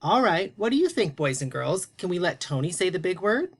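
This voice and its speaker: A man teaching a phonics lesson to young children, prompting them slowly and deliberately. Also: sits high, big pitch swings.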